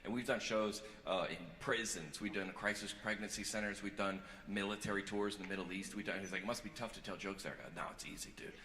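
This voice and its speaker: A male stand-up comedian on stage, telling personal stories, going from earnest confession to loud joking. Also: on the low side, steady tone, fast talker, hardly any pauses, a little hiss or hum. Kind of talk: stand-up set. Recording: echoey hall with loud crowd. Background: audience laughter.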